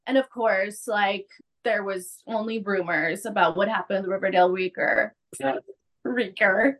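A woman hosting a podcast, casually recapping an episode with lively acted-out quotes. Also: medium pitch, measured pace. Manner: animated, acts out quotes, laughs often. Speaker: podcast host.

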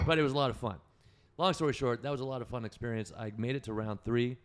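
A man's voice: mid-range voice, quick pace, clean tone. A man telling stories as a podcast guest in casual chat, rambling, profane and correcting himself as he goes.

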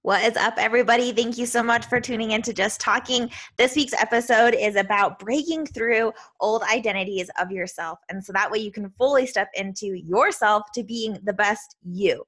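A self-love coach in her thirties from Utah, with a Utah accent, hosts a casual solo podcast monologue. She talks fast and bubbly, peppering her speech with "like" and "right?", in a voice on the high side with a fairly bright tone.

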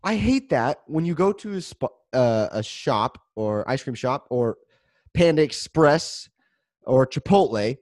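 Lively young man, dry sound. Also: mid-range voice, unhurried, no room sound. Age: young adult. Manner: animated, laughing, jokey. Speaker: podcast co-host. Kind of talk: casual chat.

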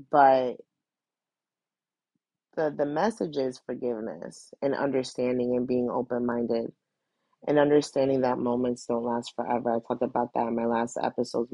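Very deep, gravelly-voiced woman host. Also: no echo, poor audio. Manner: earnest and heartfelt, addressing listeners directly; conversational, with restarts and repeated phrases. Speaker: podcast host. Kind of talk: casual motivational monologue.

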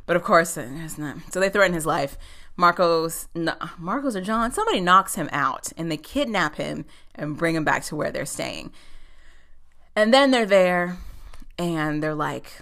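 Chatty low-voiced woman recapping an episode. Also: moderate pace, creaky. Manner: chatty, animated, swears, laughs often. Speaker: show recapper.

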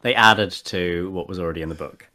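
A man's voice: deep voice, brisk, bright, forceful tone. A man chatting casually as a podcast co-host and tabletop player, rambling with many fillers and restarts. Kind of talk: casual chat.

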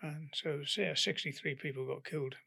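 An older British man, a guest in an interview, telling animated stories and acting out their dialogue. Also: a little high, brisk, creaky, slightly rough. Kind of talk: anecdotal storytelling in an interview.

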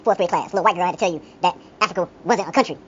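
A woman in casual podcast chat, talking in a fast, teasing, animated way. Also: on the low side. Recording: dull, slightly lo-fi with faint noise.

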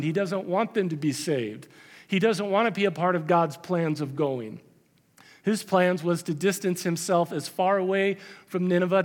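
A man preaching a sermon as pastor, conversational with emphatic repetition. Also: on the high side. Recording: long hall reverb.

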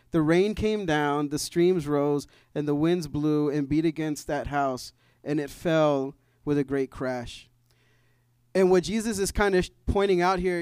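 A man's voice: a little high, darkish tone, smooth, dry recording, clean studio sound. A man giving a church testimony in a conversational way, full of fillers and restarts, building to emphatic preaching. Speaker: church member sharing a mission trip testimony.

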